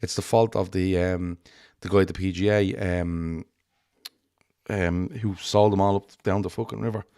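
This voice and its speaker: A man co-hosting a casual podcast chat, rambling with many pauses and restarts. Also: sits low, steady tone, mellow, smooth, no room sound, studio quality. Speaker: podcast co-host.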